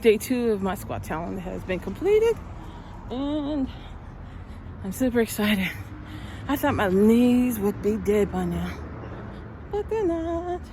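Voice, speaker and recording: A woman's voice: fairly high pitch, very animated, slow, pauses often, dark tone, a little hiss or hum. A woman chatting and telling a story while out walking, a little out of breath, growing heated as she talks. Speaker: vlogger. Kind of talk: casual walking vlog. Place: outdoors, walking.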